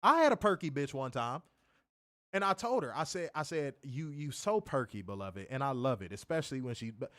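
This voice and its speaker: A man co-hosting a casual streamed chat, telling stories in an animated, profane way with loud bursts. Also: mid-range voice, fairly quick, no echo, clean studio sound. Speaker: co-host of a wrestling review show.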